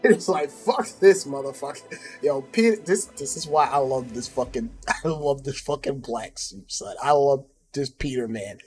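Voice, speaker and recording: A man reacting to a game trailer in casual, profane, excitable commentary, repeating himself. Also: mid-range voice, normal speed, soft background music. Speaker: YouTube reaction host.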